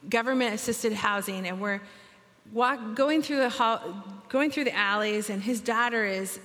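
A woman telling a personal story to an audience, lively and voicing the people in it, at times emotional and tearful. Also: fairly high pitch, moderate pace, long reverb tail. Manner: emotional, tearful at moving moments.

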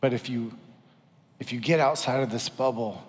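A man's voice: medium pitch, normal speed, in a large hall. A man preaching a sermon as pastor, earnest and exhorting, repeating lines for emphasis.

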